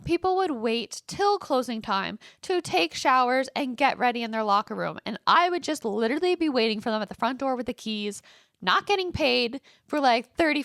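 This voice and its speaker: Gravelly young woman ranting. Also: sits high, a bit bright, dry recording, clean studio sound. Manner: exasperated, swears freely, heavy use of "like". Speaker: podcast host. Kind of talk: casual storytelling rant.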